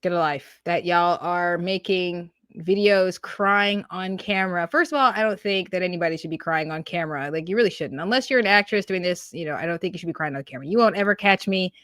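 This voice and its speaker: A woman's voice: on the low side, fairly quick, hardly any pauses, fairly bright tone, no echo, studio quality. A woman hosting a commentary show, talking emphatically and laughing, with slang like "yo" and "okay" thrown in. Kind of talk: opinionated commentary.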